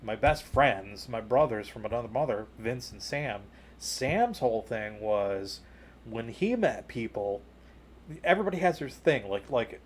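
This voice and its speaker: A male podcast co-host tells a long personal story in casual conversation at a measured pace, with slight background noise. He sprinkles in plenty of "you know" and "like," his voice jumping higher and louder whenever he retells an exciting moment.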